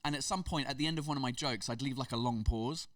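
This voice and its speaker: A man with an English accent, a comedian guest telling stories in a casual podcast chat, animated and full of restarts. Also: medium pitch, fast, no room sound, recorded from a distance. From England. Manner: animated storytelling with many restarts.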